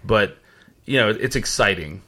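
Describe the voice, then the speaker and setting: A man's voice: lowish voice, expressive, measured pace, bright, forceful tone. A man hosting a casual podcast chat, joking and rambling, laughing often. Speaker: podcast host.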